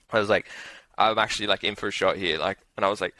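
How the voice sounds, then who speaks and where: A man's voice: deep voice, steady tone, a little fast, noisy background. A young Australian man casually telling a betting story, rambling with lots of "like", swearing and laughs. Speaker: interview guest, punter.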